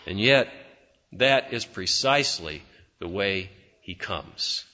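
A man preaching a sermon with fervor, swinging between loud, emphatic peaks and hushed, low passages. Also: animated, slow pace, big-room sound, muffled recording. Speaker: pastor.

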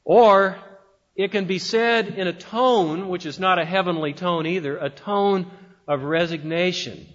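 A pastor preaching a sermon with emphatic delivery and dramatic pauses. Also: male voice, sits high, fairly bright tone, muffled recording.

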